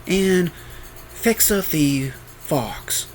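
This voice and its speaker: A man's voice: fairly high pitch, animated, drawn-out words, slight background noise, pitched above the performer's own voice. A man voicing a friendly female animatronic who owns a nightclub, introducing her friends in a slightly raised, cheerful voice. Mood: welcoming.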